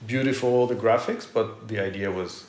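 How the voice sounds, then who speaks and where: Middle-aged male architect guest, lowish voice, excitable rambling, echoey room. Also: moderate pace. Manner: animated, rambling with frequent restarts. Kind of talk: casual conversational interview. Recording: roomy echo.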